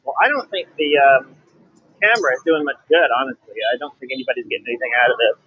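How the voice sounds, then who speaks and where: A man's voice: medium pitch, lively intonation, fast talker, breathy edge, dry recording, phone-quality sound. A man co-hosting a casual livestream while riding his motorbike, chatty and laughing often. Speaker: livestream co-host. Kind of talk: casual chat. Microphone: camera on a bike mount.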